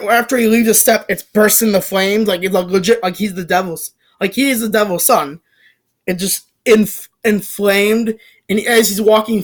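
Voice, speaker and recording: A young adult recapping a film in a casual, excited, rambling way, with frequent swearing, restarts and filler words. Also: medium pitch. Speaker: movie reviewer. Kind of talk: casual spoken movie recap.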